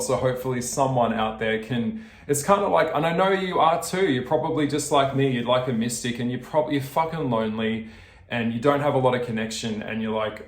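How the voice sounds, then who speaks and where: Speaking fairly quickly in a mid-range voice, a man with an Australian accent rants casually to his viewers in an echoey room. This video creator's vlog chat is full of swearing and laughter, and he addresses the audience directly.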